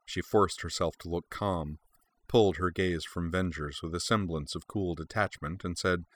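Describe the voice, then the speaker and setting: A man reading a story aloud as narrator, with steady, measured storytelling. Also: sits low. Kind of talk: fan fiction read aloud.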